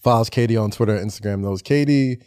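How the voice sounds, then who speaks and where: A man's voice: lowish voice, fast talker, darkish tone, clean tone, no echo. Male podcast host; casual, rambling delivery, dry recording. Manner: rambling, hesitant, playful announcer bits. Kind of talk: casual chat.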